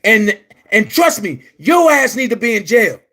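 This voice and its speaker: Very high-voiced man ranting angrily. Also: very animated, unhurried. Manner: angry, profane, often shouting; blunt and emphatic, repeats phrases. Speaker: online commentary host. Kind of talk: heated vlog rant.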